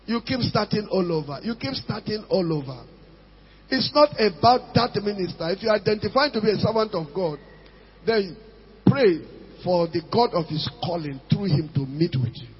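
Emphatic pastor in a hall. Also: male voice, high-pitched, animated, moderate pace, breathy edge. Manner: emphatic, repeats phrases, pidgin asides. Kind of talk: sermon. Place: church hall. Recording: dull sound with long hall reverb.

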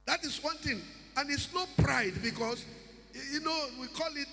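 A man's voice: extremely high pitch, normal speed, gravelly, bright, forceful tone. A man preaching a sermon with emphatic delivery, now and then breaking into song. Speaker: pastor. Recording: music behind, long reverb.

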